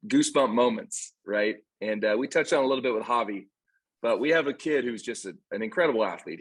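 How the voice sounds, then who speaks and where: A man's voice: fairly low pitch, breathy edge, rough recording. A man co-hosting a casual podcast, an earnest youth baseball coach telling stories with emphatic repeats.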